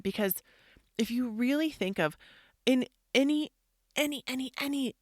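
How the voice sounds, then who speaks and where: Chatty mother, gravelly and dry. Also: mid-range voice, dry recording. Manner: chatty, frequent "like", acts out quotes. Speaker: podcast host. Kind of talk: personal reflective monologue.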